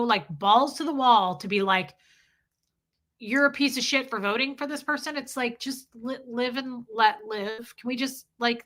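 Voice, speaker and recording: Blunt, bright-voiced woman livestreamer. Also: a little high. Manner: candid, blunt, chatty, swears freely; reads viewer comments aloud. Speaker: livestream host. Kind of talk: casual livestream chat.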